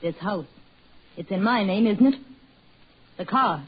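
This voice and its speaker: An actress playing a scheming wife who turns into a cat, in 1940s radio acting with sneering, shrill lines. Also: female voice, a little slow, breathy edge. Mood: scornful. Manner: sneering, then shrieking in terror. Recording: dull old radio recording with faint hiss.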